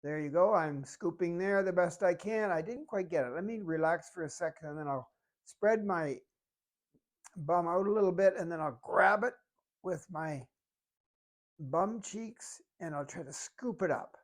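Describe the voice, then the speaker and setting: Here the fitness instructor speaks at normal speed in a mid-range voice, demonstrating each move while giving calm, step-by-step coaching.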